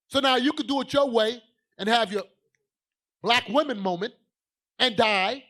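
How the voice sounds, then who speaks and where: A man preaching a fiery sermon as a bishop, emphatic and calling out to the congregation, swinging from low asides to loud declarations. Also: normal speed, pauses often.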